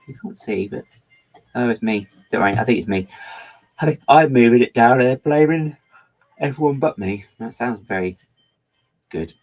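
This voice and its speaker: A man's voice: medium pitch, expressive, normal speed, pauses often, low-quality recording. A middle-aged man chatting casually while he builds with LEGO on a livestream, rambling and often stopping himself to apologise. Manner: rambling, self-interrupting, apologetic.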